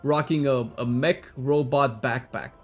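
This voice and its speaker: This gaming streamer talks in a medium-pitched, unhurried way, rambling with excitable energy while faint music plays behind him. His casual chatter is sprinkled with loose swearing and abrupt yells.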